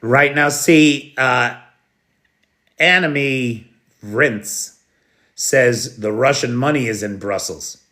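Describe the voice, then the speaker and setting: A man's voice: mid-range voice, slow, pauses often, sharp tone. An American man hosting a live news stream, blunt and sarcastic, who swears now and then and talks directly to his chat viewers. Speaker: livestream news host. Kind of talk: unscripted live news commentary.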